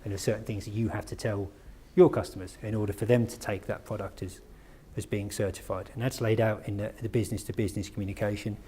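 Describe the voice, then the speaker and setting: A man presents in a conference room in a medium-pitched, slightly mellow voice. His style is relaxed and talkative, with questions for the audience and jokes that poke fun at himself.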